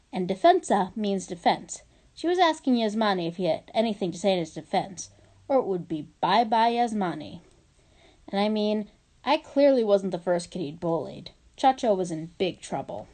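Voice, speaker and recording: A woman reading a children's novel aloud at a mid pitch, her voice mellow and warm. Her delivery is lively and expressive, in the way of storytelling. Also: moderate pace. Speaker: reader.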